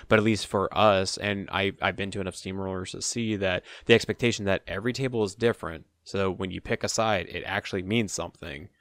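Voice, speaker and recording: A man's voice: sits low, steady tone, brisk, hardly any pauses, fairly bright tone, no echo. A man co-hosting a gaming podcast and chatting casually as an event organizer, rambling with many fillers and restarts. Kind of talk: casual roundtable chat.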